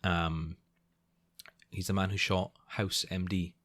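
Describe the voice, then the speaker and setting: A man co-hosting a casual podcast, rambling through his thoughts with many restarts and frequent laughter. His voice sits on the low side, and the recording is dry and close. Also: flat delivery, slow, a bit bright, dry recording. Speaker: podcast co-host. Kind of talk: casual chat.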